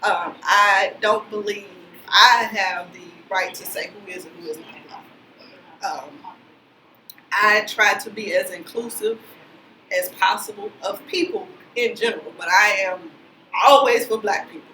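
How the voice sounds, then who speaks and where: A woman on a panel speaking in a measured, deliberate way. Her mid-pitched voice is bright and carries a roomy echo. Faint background noise sits behind her. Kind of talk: panel discussion.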